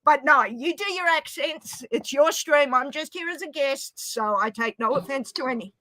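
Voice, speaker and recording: A woman with an Australian accent, chatting casually as a guest on a stream, joking and quick to apologise. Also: high-pitched, a crowd in the background. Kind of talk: casual chat.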